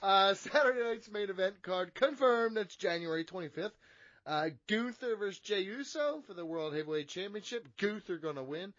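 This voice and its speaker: A man's voice: high voice, expressive, normal speed, a bit bright, no room sound, highs cut off. A man co-hosting a wrestling podcast in casual chat, joking, teasing and swearing freely. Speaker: podcast co-host.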